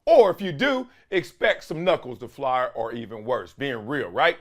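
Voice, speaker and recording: A man hosting a sports commentary show, talking in an animated, emphatic, slangy way and stretching words for stress. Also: medium pitch, normal speed. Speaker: host.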